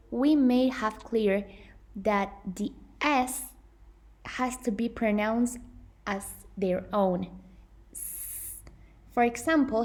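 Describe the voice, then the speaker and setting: Earnest young woman teaching pronunciation. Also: a little high. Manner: earnest, careful, with frequent self-corrections. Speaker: English pronunciation presenter. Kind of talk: scripted lesson presentation.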